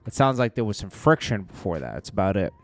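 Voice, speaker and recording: A man's voice: lowish voice, sing-song, fast talker. A man hosting a casual celebrity news commentary, rambling with chuckling asides. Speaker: host.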